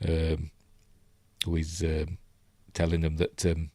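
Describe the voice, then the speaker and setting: With a rumbling low, monotone voice and a darkish tone, a Yorkshireman talks slowly through a film, rambling and dropping ums and forgetful side remarks. There's no room sound at all.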